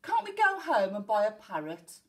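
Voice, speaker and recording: A woman's voice: mid-range voice, huge pitch swings, moderate pace, fairly bright tone, far from the mic. A woman doing a weary, grumbling pirate crewman. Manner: sighing, complaining. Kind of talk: storybook reading.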